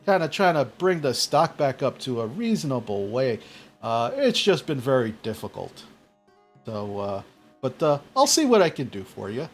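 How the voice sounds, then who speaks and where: A man's voice: medium pitch, sing-song, normal speed, soft background music. A man playing a polite, apologetic male magic shopkeeper who rambles with many fillers.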